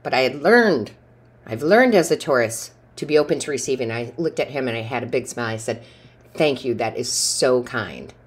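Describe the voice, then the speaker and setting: Woman doing a tarot reading, really low voice, rambly and chatty, laughs a lot. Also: lively intonation, brisk, breathy edge. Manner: chatty storyteller, laughs often. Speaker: tarot reader. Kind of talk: casual tarot reading monologue.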